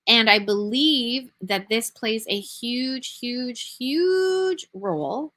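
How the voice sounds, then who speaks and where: A woman business coach giving an earnest, emphatic motivational talk, sounding tired and talking quickly. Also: medium pitch, bright, forceful tone. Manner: earnest, emphatic, talks fast.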